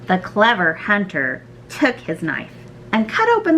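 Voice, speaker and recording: Slow, lively woman reading a fairy tale. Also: medium pitch, gravelly, a little hiss or hum, low-quality recording. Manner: slow, expressive storybook reading. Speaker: storyteller.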